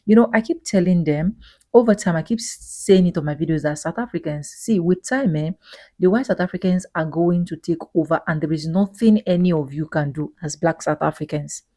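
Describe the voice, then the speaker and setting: A vlogger commentator delivers an opinionated monologue, indignant and emphatic and packed with rhetorical questions. Her voice is fairly low, brisk and warm, recorded with no room sound.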